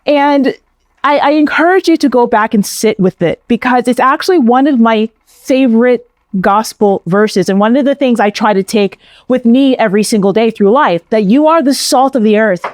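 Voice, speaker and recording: A woman's voice: on the high side, moderate pace, darkish tone, dry recording. A middle-aged woman with a New York accent giving an inspirational faith talk, emphatic and repetitive with a preacherly cadence. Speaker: Catholic speaker.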